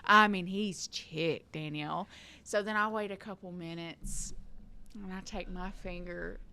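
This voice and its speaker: A woman's voice: fairly low pitch, a little slow, clear, resonant tone. A woman, co-hosting a podcast and telling a funny family story with lots of laughter. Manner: animated, laughing through her story. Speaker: podcast co-host. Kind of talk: casual storytelling.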